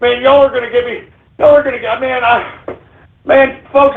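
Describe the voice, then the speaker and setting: A man's voice: very high voice, steady tone, normal speed, gravelly, phone-quality sound, slight background noise. A male radio show host in a call-in monologue, stammering, pleading with listeners and repeating himself in exasperation. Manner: pleading, addresses listeners as folks.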